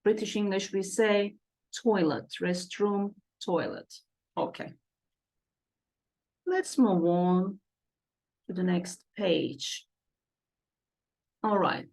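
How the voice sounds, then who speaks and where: A woman teaching English vocabulary, repeating each word pair slowly and checking in with "okay" and "right". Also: mid-range voice, expressive, vocal fry, a little mellow. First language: Turkish. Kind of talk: slow classroom lesson explanation.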